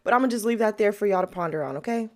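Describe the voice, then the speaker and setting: A woman hosting a true crime podcast, telling the story in a casual, slangy, animated way and acting out the quotes. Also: medium pitch, rapid-fire, no echo. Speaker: podcast host.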